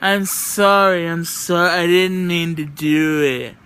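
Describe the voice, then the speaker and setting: A man voicing a dazed, stumbling woman on drugs who stammers slow apologies. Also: sits high, steady tone, sharp tone, clear, resonant tone, full character voice. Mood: dazed apologetic.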